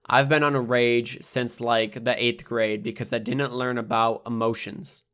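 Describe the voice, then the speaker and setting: A man's voice: mid-range voice, flat delivery, measured pace, fairly bright tone, clean tone. A young man reading his own spoken-word poetry aloud, in a rhythmic, rhyming delivery full of blunt swearing.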